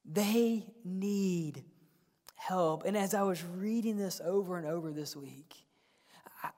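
A male pastor preaching a sermon, swinging from loud emphatic calls to hushed whispers and often repeating words as he presses a point. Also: fairly high pitch. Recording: long church-hall reverb.

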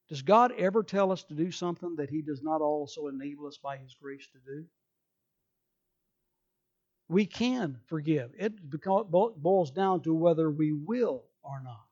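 A man's voice: a little high, expressive, moderate pace, a little mellow, highs cut off. A male pastor preaching a sermon emphatically, acting out people's excuses in quoted voices.

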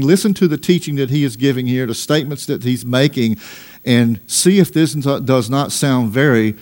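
A man preaching a sermon as pastor, reading scripture aloud and pressing his points with emphatic, drawn-out lines. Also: mid-range voice, a little mellow. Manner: reads scripture aloud in old-fashioned wording.

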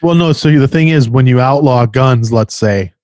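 A man's voice: mid-range voice, normal speed, a little mellow, no room sound, studio quality. A man co-hosting a podcast, joking wryly and swearing casually. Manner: wry, joking, profane. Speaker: podcast co-host. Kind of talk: casual chat.

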